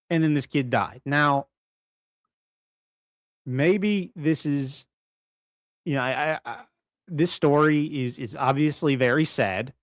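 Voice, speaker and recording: A bedroom livestream co-host talks at a moderate pace in a slightly high voice, pausing often. His casual chatter is rambling and self-correcting, broken by restarts and frequent laughs. The recording is dry.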